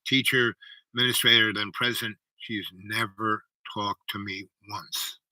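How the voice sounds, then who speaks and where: A man's voice: lowish voice, fairly even intonation, unhurried, bright, forceful tone, no room sound, rough recording. A man voicing an old university president in a story, matter-of-fact and reassuring, close to his own voice. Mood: amazed.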